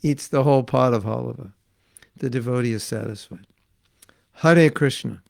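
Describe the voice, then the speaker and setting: Older man telling stories, gravelly voice. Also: medium pitch, normal speed. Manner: lively anecdotal storytelling with chuckles and acted-out quotes. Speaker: spiritual teacher. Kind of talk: storytelling religious class.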